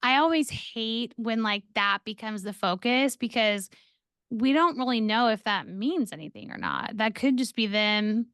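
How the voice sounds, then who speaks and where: A woman's voice: fairly high pitch, expressive, unhurried, a bit bright, clear, resonant tone, no room sound, studio quality. A woman co-hosting a podcast, chatting casually and recapping a TV episode with lots of filler words. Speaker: podcast co-host.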